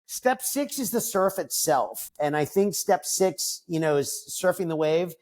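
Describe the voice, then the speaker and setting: A man's voice: high voice, expressive, unhurried, a little mellow. Reflective man in his fifties. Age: 50s. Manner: reflective, with many fillers and restarts. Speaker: podcast guest. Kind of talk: casual interview talk.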